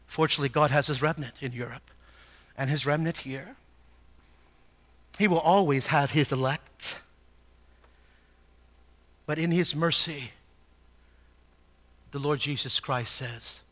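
A preacher man delivers a sermon in a high, bright voice. He drops to quiet, almost whispered questions, then rises to forceful shouted calls, with full emphasis on each challenge. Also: a little slow, pauses often. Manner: swings from hushed murmurs to shouted exhortation. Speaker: pastor.

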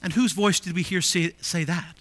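A male pastor with a high, bright voice preaches a sermon, rising to emphatic declarations and then dropping to quiet asides. He keeps asking the congregation rhetorical questions. The recording is dry and close. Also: steady tone, normal speed, no room sound.

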